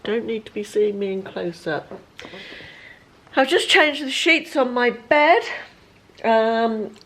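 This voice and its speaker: Chatty woman in her fifties. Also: fairly high pitch. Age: 50s. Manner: chatty, rambling, self-deprecating. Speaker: lifestyle vlogger. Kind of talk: casual vlog chat to camera. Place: at home. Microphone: handheld camera.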